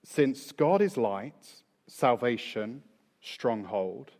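A man delivers a sermon at an unhurried pace, stretching out the phrases he wants to land. His voice sits at an ordinary pitch. A long reverb trails each line, as in a large church hall. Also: lively intonation, a little mellow. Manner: measured, emphatic, slows for key phrases. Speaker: preacher.

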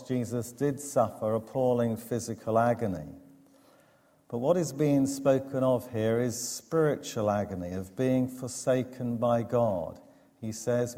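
A man preaching a sermon, measured and emphatic, with dramatic pauses. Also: lowish voice, dark tone. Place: church. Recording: long church reverb.

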